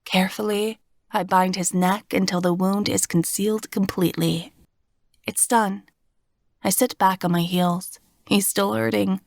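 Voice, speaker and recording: Woman reading a fantasy audiobook, mid pitch, bone-dry close mic, expressive but steady. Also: measured pace, creaky, no echo. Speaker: audiobook narrator. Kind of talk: first-person fantasy audiobook narration.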